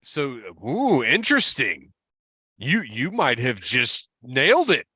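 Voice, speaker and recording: Guy cohosting a podcast, lively up and down voice, slow and dry, gets excited a lot. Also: medium pitch, slightly rough, no room sound. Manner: animated, exclaims often. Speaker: podcast co-host. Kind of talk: casual chat.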